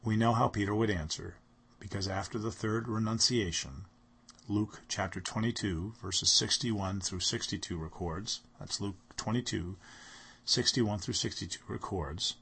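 A man's voice: lowish voice, a little slow, gravelly, a bit bright, husky. A man delivering a sermon, speaking earnestly and reading scripture aloud with rising emphasis. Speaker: preacher.

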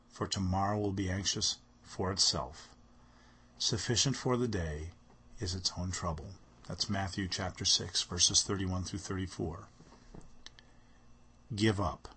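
Husky low-voiced man preaching. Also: measured pace, fairly bright tone. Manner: earnest, reads scripture aloud with rising emphasis. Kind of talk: sermon.

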